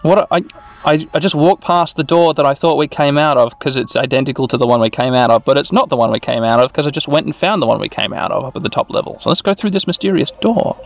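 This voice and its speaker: A man's voice: a little high, quick pace, creaky. A man casually narrating a video game aloud, rambling and correcting himself with chuckling asides. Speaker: host reading a game aloud for sleep. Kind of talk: casual let's-play narration.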